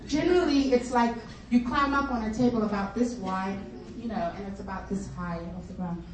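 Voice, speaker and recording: A middle-aged woman telling a comic story to a luncheon crowd in a chatty, animated way, laughing as she goes. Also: a little high, brisk. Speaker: luncheon speaker. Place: conference luncheon hall. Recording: echoey hall from far off, room noise.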